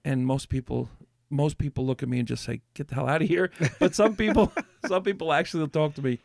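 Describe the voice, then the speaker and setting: A man in a casual podcast chat, rambling through a story and restarting his sentences as he goes. His voice sits a little high and carries a gravelly fry. The sound is dry and close to the mic. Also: animated, fairly quick, a little mellow, dry recording. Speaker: podcast host.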